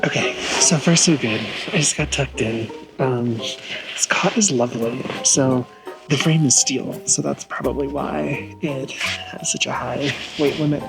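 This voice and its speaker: A man's voice: medium pitch, a little slow, vocal fry, music in the background, poor audio. A man vlogging casually while camping outdoors in a truck bed, chatty and poking fun at himself. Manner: chatty, self-mocking, laughs at himself. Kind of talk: casual vlog chat.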